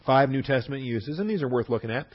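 A man's voice: mid-range voice, quick pace. A man teaching a Bible class verse by verse, who acts out the people he quotes. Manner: lively, acts out quotes with a raised voice. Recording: dull lo-fi recording.

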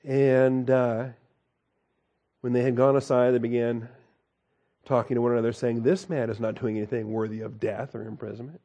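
A man leads a Bible study in a dark, mellow voice. He reads scripture aloud and then adds folksy, conversational asides, often with a chuckle. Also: mid-range voice, flat delivery, normal speed, lo-fi sound. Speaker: Bible teacher.

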